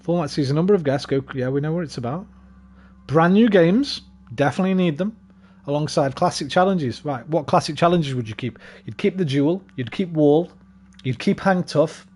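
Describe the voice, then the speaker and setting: A man's voice: a little high, normal speed, darkish tone, breathy edge. A young man rambling casually and swearing freely while streaming a game. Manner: rambling, sweary, laid-back. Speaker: gaming streamer. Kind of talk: casual chat while gaming.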